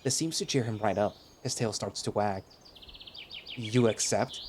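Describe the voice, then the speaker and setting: A man narrating a first-person audio drama in a wry, expressive way. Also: on the low side, a little fast, a little hiss or hum. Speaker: narrator and lead voice.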